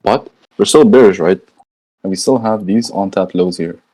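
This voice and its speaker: A warm, low voice at a moderate pace comes through a rough recording. The man, a trading educator, talks through charts live in casual slang, voicing his thoughts and regularly asking "right?"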